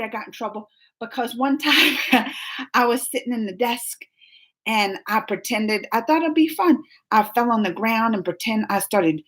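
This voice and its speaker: Hosting a relaxed live chat with her viewers, a thirty-something woman wanders between topics, often restarting sentences and tossing in asides. Excitement makes her voice leap higher.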